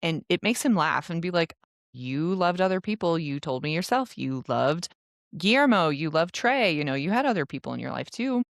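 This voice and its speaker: A woman co-hosting a book podcast, commenting on a romance novel with exasperated, expressive reactions. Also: fairly low pitch, normal speed, no room sound, studio quality. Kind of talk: casual book discussion.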